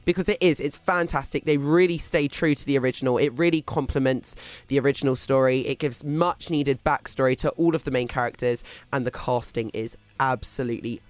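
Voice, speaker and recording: A man's voice: medium pitch, brisk, hardly any pauses, dry recording. A young man working as a radio film critic, chatting with enthusiasm and gushing about films in a studio. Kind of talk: radio film review chat. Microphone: studio microphone.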